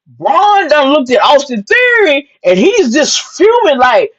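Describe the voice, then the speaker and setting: A husky-voiced woman hosts a wrestling recap, her pitch set a little high and swinging widely as she acts out every exchange. She talks with sassy flair, calling her listeners "honey." The recording sounds dull and lo-fi. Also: normal speed, few pauses. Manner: animated, sassy storytelling with "honey" asides and acted-out quotes. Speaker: wrestling show recap host. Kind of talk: excited casual wrestling recap.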